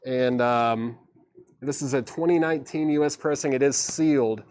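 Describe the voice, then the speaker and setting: A man's voice: medium pitch, darkish tone. Man running a casual live record sale. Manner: casual, chatty, quick patter with laughs. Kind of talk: livestream auctioneering.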